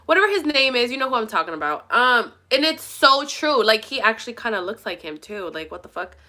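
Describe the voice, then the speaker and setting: A young woman vlogging from her mother's home, talking straight to her viewers in a loose, rambling rant. She swears freely and leans hard on her points. Her voice sits a little high, with a bright, forceful edge. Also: big pitch swings, fairly quick. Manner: swears a lot, rambling and emphatic.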